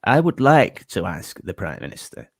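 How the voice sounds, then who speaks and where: A man putting on a slow, withering Yorkshire voice for a stiff male politician at question time. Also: low voice, slightly rough, no echo, clean studio sound, pitched below the performer's own voice, full character voice. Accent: Yorkshire, put on. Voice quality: withering, flat, slow delivery.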